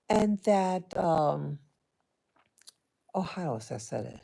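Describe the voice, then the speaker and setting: A woman vlogger telling a personal story to her viewers in a hesitant, halting way, with many restarts. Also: sits low, expressive, vocal fry, warm tone. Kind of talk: casual personal storytelling to camera.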